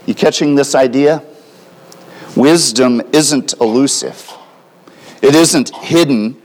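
A man preaching a sermon, swinging between loud emphatic lines and soft, quiet drops. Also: medium pitch, slow, long pauses. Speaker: pastor.

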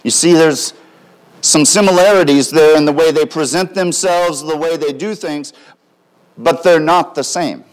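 A man preaching a sermon, swinging between loud emphatic lines and soft, quiet drops. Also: a little high, a little slow. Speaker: pastor.

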